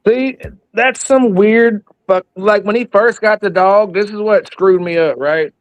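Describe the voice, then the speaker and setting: A man's voice: high-pitched, unhurried, no echo, lo-fi sound. A man in his thirties talking heatedly and profanely in casual chat, rambling as he gets worked up. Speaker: guest.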